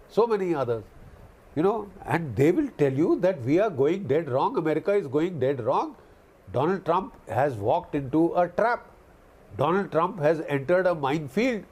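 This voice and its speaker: Man, news guest commentator, impassioned, lecturing, repeats phrases, somewhat high voice. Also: a little mellow. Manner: emphatic, repeats phrases for stress; indignant, lecturing tone.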